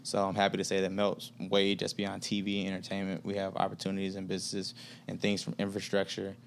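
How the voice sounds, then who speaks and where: A man's voice: low voice, completely flat delivery, fast talker, gravelly, slight background noise. A man from Atlanta, a guest on a casual podcast, telling business stories in a laid-back, slangy way and acting out quoted dialogue. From Atlanta, USA.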